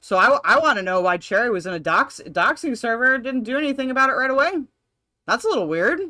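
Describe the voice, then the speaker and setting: A woman's voice: fairly high pitch, animated, fast, sharp tone. A woman streamer reacting on a live stream, blunt, profane and sarcastic.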